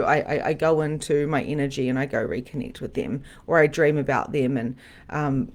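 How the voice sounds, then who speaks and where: A middle-aged woman, a medium and spiritual coach, teaching on a live stream in a chatty, animated, repetitive way. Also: sits low.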